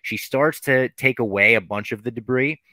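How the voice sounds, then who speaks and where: A man hosting a podcast, retelling a TV episode in a loose, animated, profane way. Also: medium pitch, moderate pace, dry recording. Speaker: podcast host. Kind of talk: casual podcast recap.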